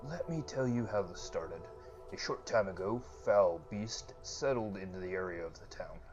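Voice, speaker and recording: Brief: formal old-world game priest, lowish voice, game music under it , a man puts him on. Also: lively intonation, moderate pace, muffled recording. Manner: archaic formal storytelling delivery. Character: formal gracious male temple priest.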